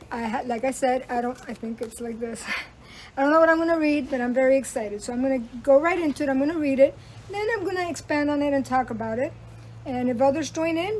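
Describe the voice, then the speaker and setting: A woman life coach hosting a live stream, chatting casually and reading slowly from a devotional book. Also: sits high, low-quality recording. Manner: chatty, warm-hearted devotional reader, slows down to read aloud. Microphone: webcam or phone on a live stream.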